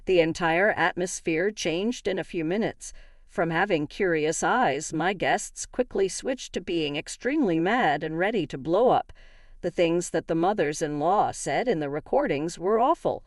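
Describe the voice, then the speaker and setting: A woman tells a dramatic first-person story aloud. Her voice sits a little low and swings lively in pitch. The sound is dry and close. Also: no echo. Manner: reads all characters in an even narrating voice.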